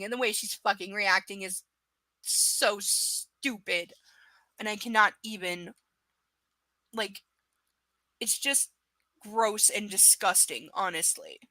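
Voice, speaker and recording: A woman's voice: medium pitch, sharp tone, dry recording. A woman reading a novel aloud on a livestream and breaking off into sarcastic, profane, exasperated rants about the characters. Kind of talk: live book reading with ranting commentary.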